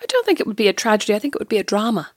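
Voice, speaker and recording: A woman's voice: mid-range voice, very animated, racing, darkish tone, breathy edge, no room sound, studio quality. A woman co-hosting a podcast in casual chat, teasing and wry with her friend. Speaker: podcast co-host.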